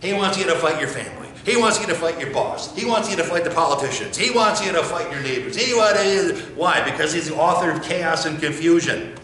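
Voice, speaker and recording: A man's voice: on the high side, expressive, a little fast, few pauses, fairly bright tone. A male pastor preaching a sermon emphatically, firing rhetorical questions and repeating phrases for effect. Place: church sanctuary. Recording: very echoey church.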